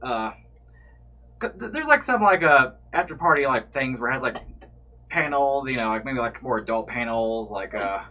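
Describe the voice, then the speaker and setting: A man's voice: medium pitch, lively intonation, normal speed, pushed and bright. A man co-hosting a casual chat, rambling and hesitant with many filler words. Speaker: co-host.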